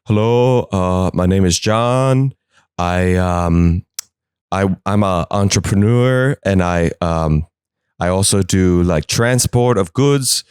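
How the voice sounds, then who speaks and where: Guy doing a mumbly nervous smuggler dude, low and slow, lots of ums. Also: darkish tone, clean tone, no room sound, clean studio sound. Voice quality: halting, full of ums and restarts.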